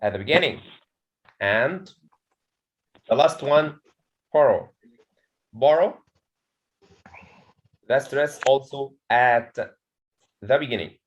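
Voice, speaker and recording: Male teacher, slow, repetitive classroom delivery, mid-range pitch. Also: lo-fi sound. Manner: slow, repeats words and questions to the class. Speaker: English teacher. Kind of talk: classroom lesson.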